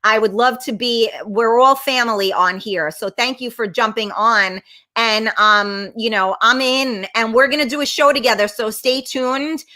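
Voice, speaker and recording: A woman's voice: fairly high pitch, a little slow, bright, forceful tone. A middle-aged woman hosting a casual live-stream chat, blunt and brash, swearing freely as she reads viewer comments. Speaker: talk show host.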